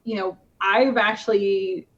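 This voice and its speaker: A woman's voice: medium pitch, fairly even intonation, unhurried, fairly bright tone. A woman, a competitive shooter, talking casually in a podcast interview, with many fillers and restarts. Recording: slightly dull lo-fi podcast audio.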